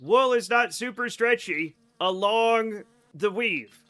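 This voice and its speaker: Bright-voiced rambling game streamer. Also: male voice, high-pitched, takes it slowly. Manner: rambling, self-amused, talks to chat. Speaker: live streamer. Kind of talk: casual live-stream chat while gaming.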